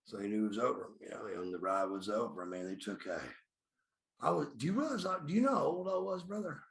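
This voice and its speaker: With a lowish, gravelly voice, a former pro wrestler in his fifties talks fast and animatedly. In a podcast interview held in an echoey room, he tells blunt, profane stories and calls himself by his own name.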